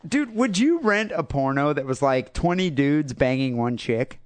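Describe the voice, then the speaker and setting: A man's voice: fairly high pitch, expressive, moderate pace, dry recording. A man hosting a casual comedy podcast, rambling and joking with many fillers. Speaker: podcast host.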